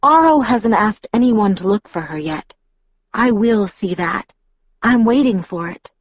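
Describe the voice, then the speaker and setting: A woman voicing a bright, insistent young woman who sees what is coming, in an audiobook reading. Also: medium pitch, animated, a little slow, no room sound, muffled recording. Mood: earnest.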